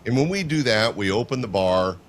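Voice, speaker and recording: A man's voice: lowish voice, expressive, fairly quick, a little hiss or hum. Chatty older man telling a story. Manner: chatty, rambling with fillers. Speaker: guest, show producer. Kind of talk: casual storytelling in a podcast interview.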